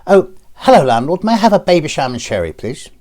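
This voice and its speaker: Man doing a high, camp, genteel little tarmac figure. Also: sing-song, fast talker, darkish tone. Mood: prissy. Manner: prissy, genteel and flouncing. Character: small camp mincing male piece of pink tarmac.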